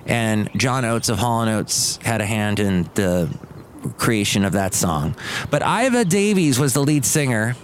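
A podcast host with a medium-pitched voice rambles casually in a loose, chatty monologue. He drifts between thoughts, trailing off and correcting himself, with a faint hum behind him.

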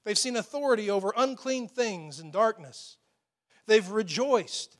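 Male pastor, high-pitched voice, emphatic sermon delivery with hushed quoted lines. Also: expressive, measured pace. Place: church with a loud PA system.

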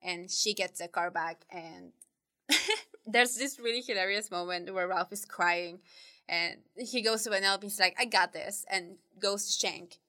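A woman's voice: mid-range voice, unhurried, bright, forceful tone. A woman in casual chat, recapping a movie plot in a rambling, giggly way with many "like"s. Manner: rambling, giggly retelling with quoted character voices.

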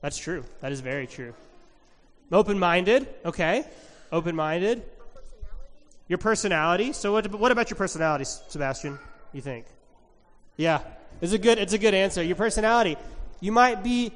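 High-voiced pastor in a reverberant hall. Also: male voice, moderate pace, pauses often. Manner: asks kids questions in a lively, encouraging way. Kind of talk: children's sermon. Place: church sanctuary.

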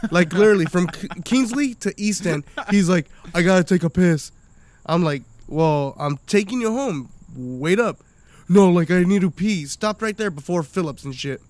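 A man's voice: high voice, animated, moderate pace. A young man, a podcast guest, telling profane rambling stories in casual chat and laughing often.

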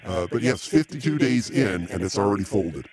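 A man's voice: fairly low pitch, expressive, moderate pace, darkish tone, a little hiss or hum. Dry, meandering male podcast host. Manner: dry, meandering, easily exasperated. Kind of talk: casual live podcast chat.

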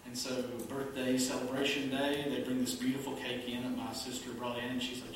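Male pastor, lively humorous sermon, far off in a very echoey hall with room noise. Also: medium pitch, normal speed. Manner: animated, laughs at own jokes. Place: church sanctuary.

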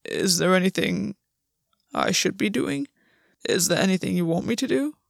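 A woman voicing a pale, unsure young man who speaks softly and hesitantly. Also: medium pitch, steady tone, moderate pace, gravelly, no echo, studio quality. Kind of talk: audiobook reading.

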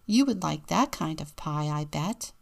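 A woman's voice: deep voice, expressive, measured pace, gravelly, exaggerated voice. A woman voicing a sensible older boy who reassures his little brother in a storybook. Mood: reassuring.

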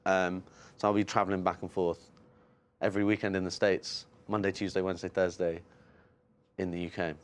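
A man from near London with an English accent, chatting in a relaxed way as a musician guest in an interview, laughing often. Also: low voice, brisk, pauses often. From near London, England. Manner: laid-back, laughs often, ends phrases with "man". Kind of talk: casual interview chat. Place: music venue in Las Vegas.

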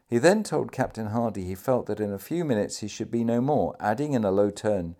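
Low-voiced man reading history aloud. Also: animated, dark tone. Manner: measured, formal narration. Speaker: audiobook reader.

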